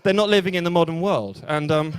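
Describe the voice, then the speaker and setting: Deadpan young Englishman doing stand-up. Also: on the high side, quick pace, clear, resonant tone. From England. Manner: deadpan, hesitant delivery with many fillers. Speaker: stand-up comedian. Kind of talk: stand-up comedy set. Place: small bar open mic.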